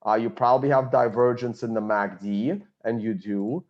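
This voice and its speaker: A man's voice: mid-range voice, moderate pace, highs cut off. A man giving blunt, confident market analysis, thinking aloud as he walks through a chart. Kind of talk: screen-share chart analysis.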